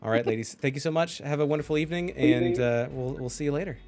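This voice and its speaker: A man's voice: medium pitch, quick pace, a little mellow, faint music behind. A man casting an esports match live, chatty, laughing often and thanking his chat. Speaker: esports caster. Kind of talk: casual live stream commentary.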